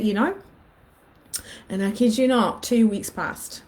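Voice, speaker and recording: A woman's voice: a little high, steady tone, normal speed, warm tone. A woman in her thirties telling a personal story in a casual vlog, animatedly acting out her own thoughts. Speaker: vlogger.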